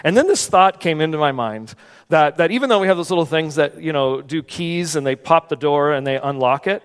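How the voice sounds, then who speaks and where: A man preaching a sermon in a church, telling a personal story in an animated, conversational way. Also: on the high side, brisk, clean tone. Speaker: pastor. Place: church sanctuary. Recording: long hall reverb.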